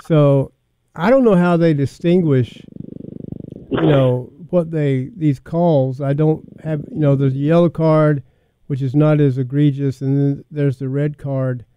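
Male radio host, smooth clear voice, a bit muffled and dry. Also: on the high side, steady tone. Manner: measured, hesitant, takes callers. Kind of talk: casual radio talk. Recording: dull lo-fi band, dry.

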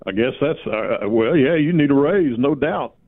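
A man's voice: medium pitch, expressive, moderate pace, no room sound. A man joking and teasing in casual radio chat. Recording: tinny phone line.

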